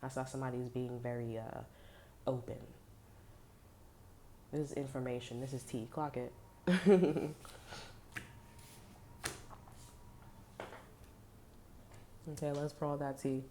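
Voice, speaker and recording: A woman reads tarot cards for her viewers in a loose, rambling way, swearing freely and leaning on fillers and slang. Her voice sits very low with a dark, mellow tone, and a faint hiss runs underneath. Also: flat delivery, brisk, long pauses. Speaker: tarot reader. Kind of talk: casual tarot reading.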